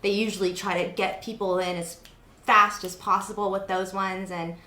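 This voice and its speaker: A woman's voice: mid-range voice, flat delivery, normal speed, bright, forceful tone, slight background noise. Chatty young woman in an echoey room. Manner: chatty storytelling with many fillers. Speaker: host. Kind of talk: casual interview chat.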